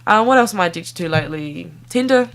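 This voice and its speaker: A young woman talks straight to her viewers in a loose, rambling vlog, giggling as she goes. Her voice sits a touch low for a woman, and she hops from one thought to the next in an easy, chatty flow. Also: lively intonation, fast. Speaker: vlogger. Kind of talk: casual vlog chat to camera.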